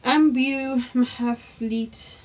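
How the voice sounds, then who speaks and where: A woman's voice: high-pitched, fairly even intonation, very slow, darkish tone. A woman co-hosting a casual video chat, teasing her partner and sounding out foreign phrases in an amused way. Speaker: co-host.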